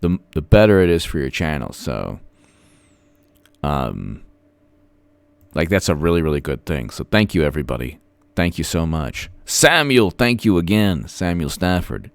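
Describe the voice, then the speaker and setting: A man's voice: sits low, sing-song, moderate pace, vocal fry, clear, resonant tone, no echo. A man hosting a political live stream, rambling and repeating himself with many fillers as he thanks viewers.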